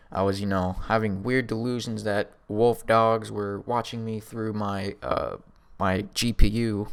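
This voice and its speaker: A man's voice: fairly low pitch, clean tone. A young man in his late teens casually telling a personal story to his viewers, laid-back and slangy with lots of fillers. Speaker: vlogger.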